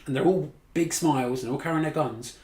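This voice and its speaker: A man's voice: fairly high pitch, a little fast, a little mellow. Sweary exasperated man ranting in echoey room. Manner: blunt, sweary, exasperated, laughs at his own mockery. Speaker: movie reviewer. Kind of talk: casual ranting movie review.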